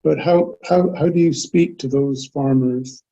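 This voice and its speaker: A man hosting a webinar, reading out audience questions and asking his own in a halting way. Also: mid-range voice, gravelly, warm tone. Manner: halting, with fillers between phrases. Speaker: webinar host. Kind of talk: moderating a webinar. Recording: dull lo-fi line.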